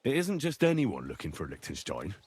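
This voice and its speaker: A blunt young hero, husky and lively in pitch. The voice is dry and close, with faint music beneath. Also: male voice, brisk, dry recording, heavily acted. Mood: steady. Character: plain-spoken young male hero of a medieval game. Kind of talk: game dialogue.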